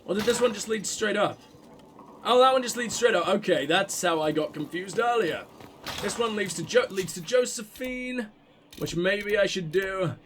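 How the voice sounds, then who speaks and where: A man giving casual gameplay commentary, reacting out loud and swearing freely as he thinks aloud. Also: high voice, moderate pace, a little hiss or hum. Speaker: let's play commentator.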